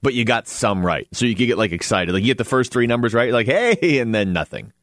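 A man's voice: on the low side, fairly bright tone, no echo. Chatty male sports radio host, dry studio. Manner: chatty, laughs often, quick asides. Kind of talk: casual sports radio talk.

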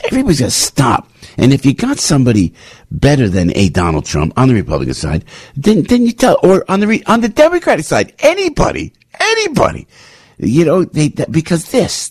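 A man's voice: wildly swooping pitch, fairly quick, a little mellow, husky, dry recording, clean studio sound. An older man hosting a morning talk radio show, speaking frankly in a rambling, restarting way that keeps rising as he gets worked up. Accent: New York. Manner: gets worked up and rises in pitch.

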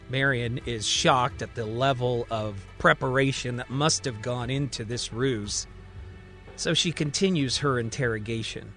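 A man, a radio host, narrating a scripted radio drama in a measured, deliberate way. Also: medium pitch, pushed and bright. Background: faint music.

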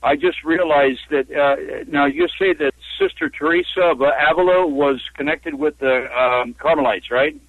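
A man from California calling in to a radio show, talking haltingly with many fillers and restarts. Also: on the high side, very animated, vocal fry, dry recording. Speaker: caller. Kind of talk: phone-in call to a radio show. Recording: tinny phone line.

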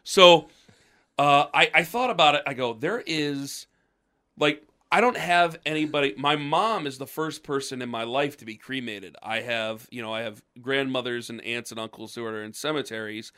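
On a podcast microphone, a co-host with a lingering cough tells a rambling, casual story full of restarts and mimicked voices. He has a mid-range voice, moderate pace, and a bright, forceful, clean tone.

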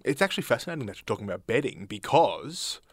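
A man's voice: mid-range voice, very animated, fast talker, over loud music. A man co-hosting a radio show, hesitant and full of fillers, with dry joking. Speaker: co-host. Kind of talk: casual chat.

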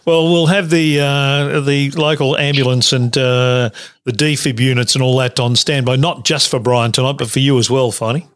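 A man's voice: mid-range voice, steady tone, moderate pace, fairly bright tone, clean tone. A man hosting a radio show, teasing his co-hosts in casual banter and laughing often.

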